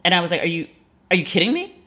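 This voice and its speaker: Animated woman telling a story. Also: lowish voice, racing. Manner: animated, profane, acts out quoted voices. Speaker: podcast host. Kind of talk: casual storytelling monologue.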